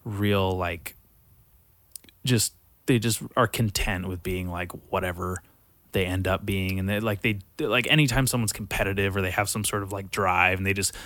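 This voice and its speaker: A man with a lowish voice in loose, casual chat, wandering through his thoughts with constant fillers and frequent swearing. He is recorded close and dry, with no room sound. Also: fairly even intonation, moderate pace, a bit bright, no echo. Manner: rambling, profane, lots of filler words.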